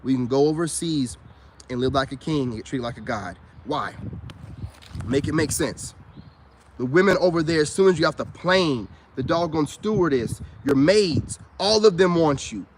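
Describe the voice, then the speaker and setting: A man, ranting to camera in an animated, preachy monologue. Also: moderate pace, background noise. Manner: animated, preachy, rising to high-pitched exclamations. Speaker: vlogger.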